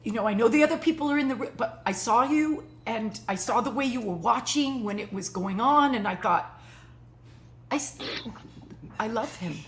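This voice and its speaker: Stage improv: a woman as a tearful old flame, halting and hushed, with faint noise behind. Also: fairly high pitch, lightly acted. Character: tearful lovelorn woman, former lover. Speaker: improv performer. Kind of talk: improv scene acting. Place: theater stage.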